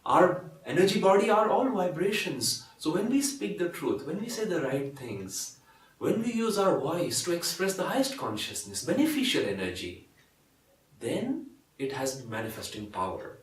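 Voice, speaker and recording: A man with an Indian English accent giving a spiritual talk, telling stories gently and acting out the voices of the people in them. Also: on the high side, very animated, normal speed, distant mic. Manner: gentle, anecdotal, acts out quoted voices. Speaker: spiritual speaker and doctor. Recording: echoey room, voice from off-mic.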